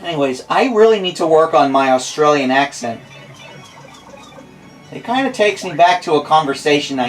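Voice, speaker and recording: A man's voice: mid-range voice, low-quality recording. A young American man in his twenties chatting casually over gameplay as a let's play host, rambling and self-deprecating.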